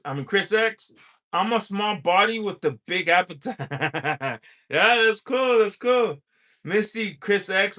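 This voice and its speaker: Man, livestream host, reading viewer chat, bright ringing tone, casual rambling chat. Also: high voice. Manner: chatty, laughs often, drifts into long stories.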